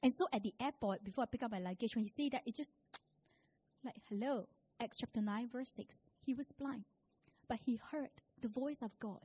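A woman's voice: on the high side, normal speed, slightly rough. Woman preaching a sermon. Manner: storytelling, rising to loud emphatic preaching.

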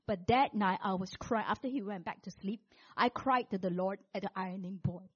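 A woman preaching a sermon, telling a personal story in an animated way and acting out what people said, with big swings between loud and soft. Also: mid-range voice, moderate pace, husky, dull audio.

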